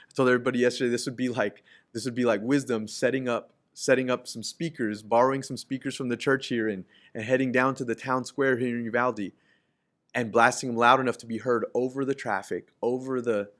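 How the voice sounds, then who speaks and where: A man preaching a sermon as pastor, restarting phrases and letting his voice swell loud and high when he reads scripture aloud.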